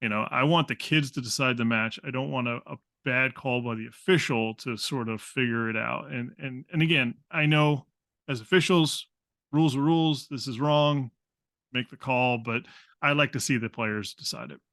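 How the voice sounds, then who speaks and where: Male coach host, bright forward tone, dead-dry recording. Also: medium pitch, normal speed, dry recording. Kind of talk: casual interview chat.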